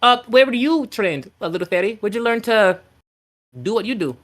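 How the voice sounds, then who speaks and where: A man's voice: high-pitched, lively intonation, normal speed, fairly bright tone, voice pushed up. A man doing a weary, grim old woman. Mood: appraising. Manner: dry, matter-of-fact, grimly resigned. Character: weary old woman on a world-saving mission.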